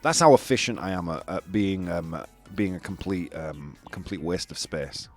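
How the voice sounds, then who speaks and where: A live-stream host with a low voice talks at normal speed over soft background music. He chats casually with his audience, reads out their messages, and makes fun of himself.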